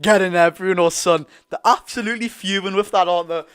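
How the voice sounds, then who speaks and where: A young man with a Geordie accent giving excitable, partisan live commentary on a football match for his viewers. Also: sits high, brisk, smooth. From North East England. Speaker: football fan streamer.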